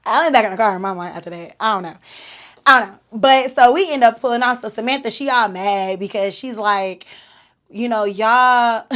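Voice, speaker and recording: A woman, hosting a podcast and telling a story in an animated, slangy way with laughs. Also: mid-range voice. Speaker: podcast host. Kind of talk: casual storytelling.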